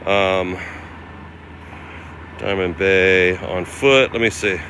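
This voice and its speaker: A man's voice: deep voice, fairly even intonation, extremely slow, pushed and bright. A man casually live-streaming while walking, thinking aloud about travel plans and thanking viewers by name. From United States. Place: outdoors on windy city streets. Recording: outdoor street noise. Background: wind and passing traffic.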